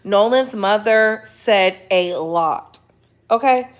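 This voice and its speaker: A woman's voice: mid-range voice, slow. A woman hosting a casual gossip livestream, chatting and greeting viewers by name, often repeating phrases. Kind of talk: casual live chat.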